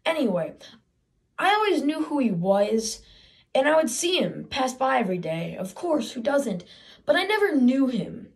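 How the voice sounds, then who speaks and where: A woman's voice: high-pitched, sing-song, moderate pace, gravelly, darkish tone, full character voice. A teenage woman playing an eager, aggrieved boy who brags that the sun is his father, in a chatty stage monologue with sarcastic asides. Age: teens. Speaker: student theater performer.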